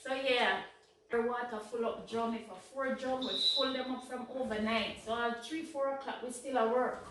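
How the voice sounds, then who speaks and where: A Jamaican woman co-hosting, telling childhood stories in a lively, laughing way. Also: fairly high pitch, normal speed, background noise. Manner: animated, laughing. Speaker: co-host. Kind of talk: casual storytelling. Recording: echoey room, mic at a distance.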